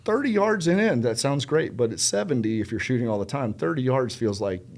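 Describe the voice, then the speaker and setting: A middle-aged man from South Carolina, a podcast guest telling stories in casual conversation, animated and emphatic, acting out the people he quotes. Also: mid-range voice, a little fast. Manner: animated, acts out quoted dialogue; emphatic, repeats words for stress.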